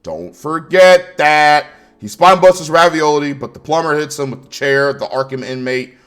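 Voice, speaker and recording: A man's voice: fairly high pitch, steady tone, fairly quick, a bit bright. A man ranting through a wrestling show review, angry and sarcastic, swearing constantly.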